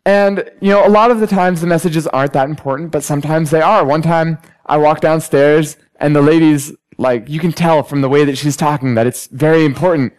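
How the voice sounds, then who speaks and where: A young man preaching a sermon, telling personal stories and acting out everyday conversations with lively energy. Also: on the high side, fairly quick, few pauses, low-quality recording. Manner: storytelling, animated when acting out conversations.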